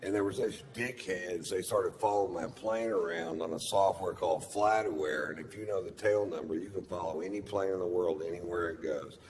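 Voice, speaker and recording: Drawling middle-aged comedian, deadpan. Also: male voice, low-pitched, a little fast, hardly any pauses. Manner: drawling, deadpan storytelling with crude punchlines. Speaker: stand-up comedian. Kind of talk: stand-up set. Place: large theater stage with audience laughter. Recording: live hall recording with long reverb and audience noise.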